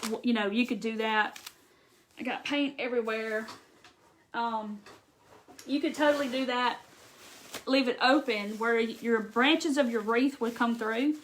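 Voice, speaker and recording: A woman's voice: a little high, fairly even intonation, unhurried, long pauses, slight background noise. A woman from Mississippi with a Southern accent, chatting casually through a live craft demo and answering viewer comments. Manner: chatty, reads viewer comments aloud, says y'all. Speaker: craft livestream host.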